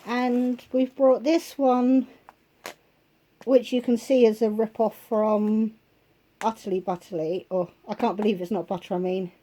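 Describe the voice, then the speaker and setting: Hoarse woman vlogger with a cold, warm and a bit high, chatty and casual as she reads out prices. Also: fairly even intonation. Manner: chatty, listing prices, pausing to think. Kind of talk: casual shopping haul chat. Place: at home.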